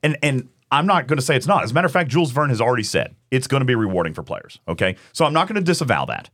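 Animated, emphatic podcast host man. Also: mid-range voice, very fast. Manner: animated, emphatic, repeats words. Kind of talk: casual debate chat.

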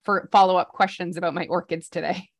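A woman's voice: on the low side, steady tone, quick pace. A woman co-hosting a casual podcast, a mother who tells stories with chatty, sarcastic asides. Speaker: podcast co-host, parent.

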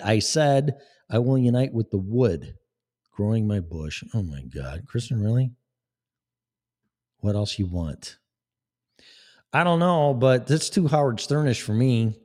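A man's voice: lowish voice, darkish tone. A man hosting a live talk show, speaking in a blunt, sarcastic, rambling way. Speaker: podcast host. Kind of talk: casual live-show monologue.

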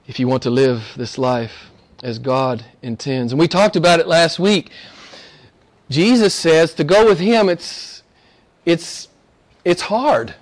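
Guy preaching a sermon, pretty high voice, chatty, lots of questions and repeats, goes soft then loud. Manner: conversational, rhetorical questions, repeats himself for emphasis; swings from quiet and low to loud, high and excited. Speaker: pastor.

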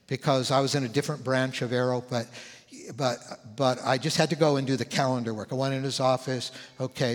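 Older pastor telling a story in a reverberant hall. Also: male voice, medium pitch. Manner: conversational, animated storytelling with acted-out quotes. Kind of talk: sermon storytelling. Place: church sanctuary. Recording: long church hall reverb.

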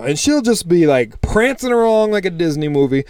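Animated swearing man telling stories on a podcast. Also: fairly high pitch, normal speed, hardly any pauses, no room sound. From United States. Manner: animated storyteller, swears freely, acts out customers. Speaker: podcast co-host. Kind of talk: casual chat.

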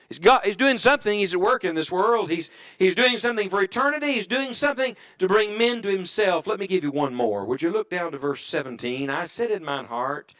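A middle-aged man preaching a sermon in church, dropping to an earnest hush and rising to emphatic calls, often asking the congregation questions. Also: mid-range voice. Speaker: evangelist preacher.

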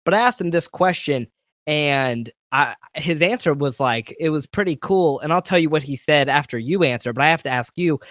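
A man's voice: fairly high pitch, normal speed, a bit bright, no room sound, studio quality. A man hosting a casual interview and asking questions in an easygoing, conversational way. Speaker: podcast interviewer.

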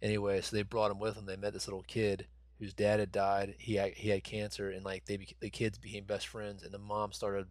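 A man's voice: lowish voice, monotone, a little fast, hardly any pauses, no echo. A man in his thirties co-hosting a podcast, rambling and swearing in casual chat with lots of fillers. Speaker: podcast co-host.

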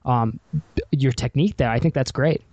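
A man's voice: mid-range voice, normal speed, darkish tone, no room sound. A man hosting a podcast in a casual chat, rambling and restarting with many fillers. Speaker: podcast host.

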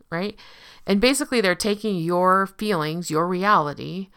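A woman's voice: on the low side, normal speed, fairly bright tone, clear, resonant tone. A woman giving a casual explanatory talk, conversational and often checking in with the listener. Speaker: speaker on relationship abuse.

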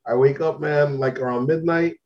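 A man's voice: a little high, steady tone, moderate pace, lo-fi sound. A man co-hosting a podcast, telling a long story in casual slang, still getting over an illness. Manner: laid-back storytelling with slang. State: recovering from illness, lingering symptoms. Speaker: podcast co-host.

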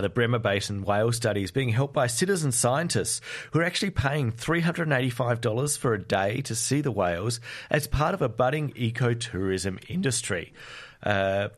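An Australian man hosting a community radio science show, chatting casually with many fillers. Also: medium pitch.

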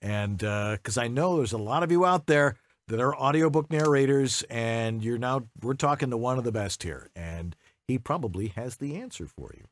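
A man's voice: mid-range voice, expressive, moderate pace, dry recording. A man hosting a live interview show, asking questions in a casual, conversational way with repeated starts. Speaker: podcast host.

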